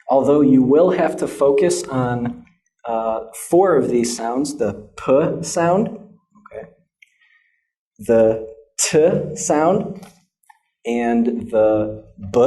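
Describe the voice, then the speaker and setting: A man's voice: medium pitch, mellow. A young American man teaching English pronunciation in a classroom lesson, patient and checking in with a frequent "okay?".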